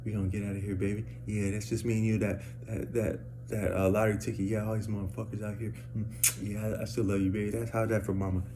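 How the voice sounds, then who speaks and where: A man's voice: fairly low pitch, flat delivery, quick pace, few pauses, noisy background, lightly acted. A man voicing a fed-up, foul-mouthed middle-aged woman who mutters and cusses under her breath. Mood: muttering.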